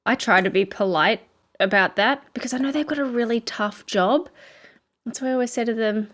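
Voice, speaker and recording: A woman's voice: a little high, a little fast, a bit bright. A woman with an Australian accent, co-hosting a podcast and telling stories in a chatty way with frequent laughs. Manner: chatty storyteller, laughs often. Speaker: podcast co-host. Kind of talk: casual chat.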